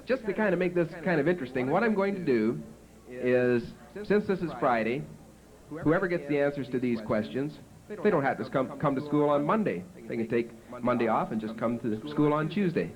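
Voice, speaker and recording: A man's voice: fairly high pitch, expressive, moderate pace, muffled recording, lightly acted. A man doing a gushing schoolteacher. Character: prim female schoolteacher, easily impressed. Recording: home video with festival crowd.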